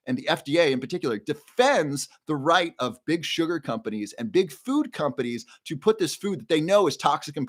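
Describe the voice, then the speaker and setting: A man's voice: a little high, a bit bright. Indignant ranting man. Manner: indignant, ranting, repeats words when heated. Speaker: show host. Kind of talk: impassioned live-stream monologue.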